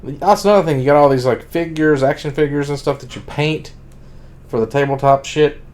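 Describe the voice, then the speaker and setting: A man's voice: on the high side, a little fast, darkish tone. A man streaming a casual, rambling monologue about books, full of "like" and blunt profane asides.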